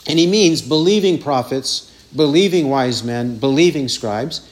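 A man's voice: mid-range voice, measured pace. A man preaching a sermon with emphasis, repeating phrases and mimicking taunting voices.

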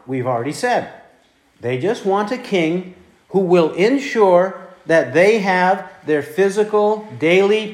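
Male pastor, high voice, unhurried verse-by-verse sermon delivery, echoey room. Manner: deliberate, repeats scripture references. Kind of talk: expository sermon.

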